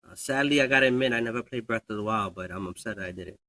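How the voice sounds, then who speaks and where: A man's voice: on the low side, quick pace, pushed and bright. An older man on a casual panel chat who stammers as he talks eagerly.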